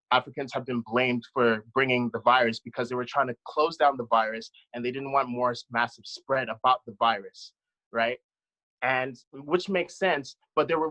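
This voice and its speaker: A man's voice: medium pitch, fairly bright tone, lo-fi sound. A man on a discussion panel telling a personal account in an impassioned, blunt way, swearing freely.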